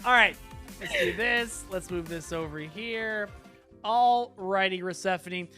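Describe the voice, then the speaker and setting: A man hosting a comedy tabletop game show, joking deadpan and narrating as game master. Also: sits high, takes it slowly, faint music behind.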